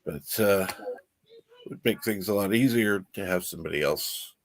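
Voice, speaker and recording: Slow, low-voiced man hosting a livestream. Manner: reads viewer comments aloud and swears casually. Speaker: livestream host. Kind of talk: casual livestream chat. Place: room at home.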